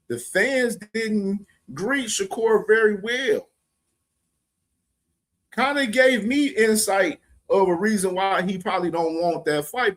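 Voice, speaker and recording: A man hosting a casual boxing live stream, laughing often, slangy and profane, talking straight to his chat. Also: high-pitched. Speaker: boxing show host.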